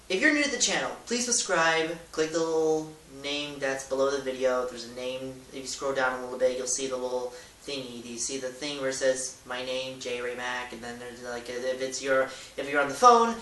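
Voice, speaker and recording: A man's voice: mid-range voice, brisk. Goofy man, echoey and distant. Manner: goofy, rambling, loud demonstrations. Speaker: YouTuber. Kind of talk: casual how-to vlog. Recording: echoey room, distant mic, hiss.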